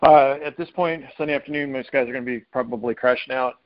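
A man's voice: medium pitch, fast talker, highs cut off. A man hosting a podcast, chatting in an upbeat, conversational way. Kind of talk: casual podcast chat.

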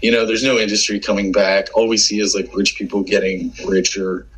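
A man's voice: lowish voice, brisk, breathy edge, rough recording. A man from Canada, a podcast guest, ranting in casual chat, swearing freely and leaning on fillers. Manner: profane, animated ranting with many fillers.

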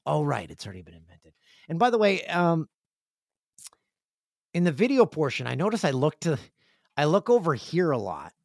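Podcast host, male, chatty and joking, lively higher voice. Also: moderate pace, creaky, pauses often, dry recording, studio quality. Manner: chatty, jokey, acts out friends in loud high voices. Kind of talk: casual solo podcast chat. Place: home studio with stairs nearby.

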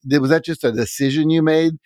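Measured man hosting an interview. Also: fairly high pitch, a little mellow, no room sound, clean studio sound. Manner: thoughtful, measured questioning. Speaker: podcast host. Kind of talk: interview conversation.

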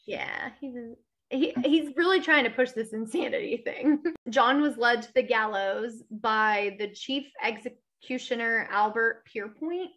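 A woman co-hosts a true crime podcast, telling the story through casual chat full of giggles and sentences that trail off. Her voice sits on the high side, a bit bright, at a measured pace.

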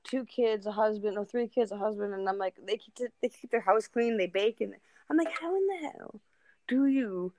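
Woman, young adult, gravelly, casual blunt chat, swears, laughs a lot. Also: medium pitch, fairly quick, a little mellow, no echo. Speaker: co-host of a live audio chat.

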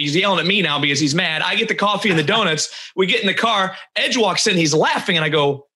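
A man's voice: high voice, fairly quick. A man casually telling a backstage story on a talk show, acting out what others said. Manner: animated storyteller acting out quotes.

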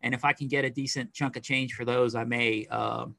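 A middle-aged man co-hosting a podcast, chatting casually in a rambling, animated way with lots of fillers. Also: medium pitch, a little fast, vocal fry, no echo. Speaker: podcast co-host. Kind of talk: casual chat.

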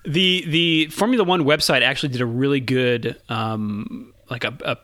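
A man hosts a casual podcast with an easygoing, chatty manner. He laughs readily and fills pauses with ums and uhs. His voice sits at a middling pitch, recorded dry with no room sound. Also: no room sound. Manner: relaxed, laughs often, many fillers. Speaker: podcast host. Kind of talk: casual chat.

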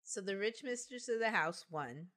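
A woman's voice: medium pitch, expressive, normal speed, fairly bright tone. A woman hosting a podcast, reading a folk tale aloud and joking with friends. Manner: playful, laughs often. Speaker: podcast host. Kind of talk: reading folklore aloud in casual chat.

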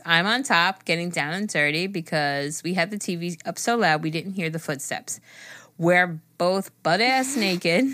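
A woman co-hosting a casual podcast, reading listener stories aloud in an animated manner and exclaiming often. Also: on the low side, dry recording. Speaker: podcast co-host.

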